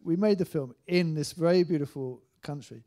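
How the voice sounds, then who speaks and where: A man's voice: on the high side, moderate pace, warm tone. A man speaking as a writer-director guest in an onstage panel discussion, hesitant, with frequent restarts and fillers.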